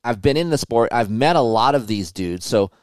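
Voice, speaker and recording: A man hosting a motocross podcast, telling stories in a casual, animated way and swearing often. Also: mid-range voice, normal speed, dry recording, studio quality. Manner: profane, animated storytelling. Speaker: podcast host, motocross test rider. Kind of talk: casual chat.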